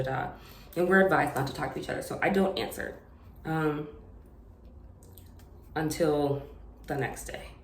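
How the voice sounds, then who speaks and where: A young woman telling a personal story in an unscripted vlog, halting, with many fillers and restarts. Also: deep voice, darkish tone, reverberant, slight background noise. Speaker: vlogger.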